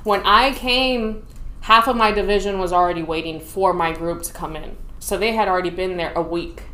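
A woman from Dallas, a Navy veteran guest, telling stories in a casual interview, animated and laughing as she acts out quotes. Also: lowish voice, moderate pace, roomy sound, rough recording. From Dallas, Texas.

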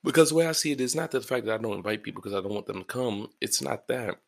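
His voice is lowish and gravelly, and he talks fast. Alone in his apartment early in the morning, this podcast host and stand-up comedian yawns sleepily through a casual solo monologue, rambling, cursing freely and putting himself down.

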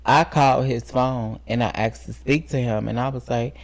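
A man co-hosting a casual podcast, his mid-range voice carrying a strong gravelly fry. He tells his stories with animation and acts out what other people said. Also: medium pitch, moderate pace. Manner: animated storyteller, drops into quoted voices. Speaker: podcast co-host.

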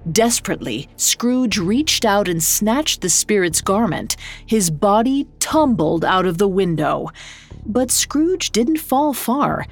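Slow, measured woman narrator. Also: medium pitch, big pitch swings, faint music behind. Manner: measured, unhurried storytelling. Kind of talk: scripted narration.

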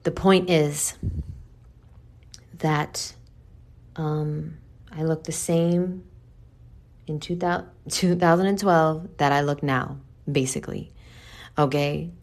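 A low-voiced woman with a New York accent talks straight to her audience. Her delivery is blunt and profane, and she calls the listener boo. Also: steady tone, slow pace, pauses often, a little mellow. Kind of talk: candid monologue.

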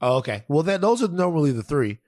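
A man's voice: a little high, big pitch swings, fast talker, a little mellow, no room sound, studio quality. A man co-hosting a podcast, talking in a casual, opinionated way. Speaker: podcast co-host. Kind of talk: casual chat.

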